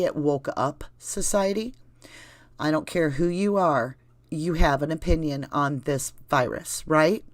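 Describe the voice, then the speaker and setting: A woman with a low voice and a Southern US accent chats casually on a livestream, with no room sound. As the channel host reading live chat, she rambles conversationally and speaks straight to her viewers.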